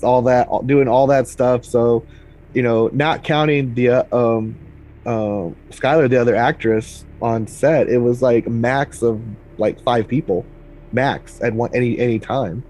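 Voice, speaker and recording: Man, filmmaker guest, mid-pitched voice, rambling, halting. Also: darkish tone. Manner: rambling, many fillers and restarts. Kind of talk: casual interview chat.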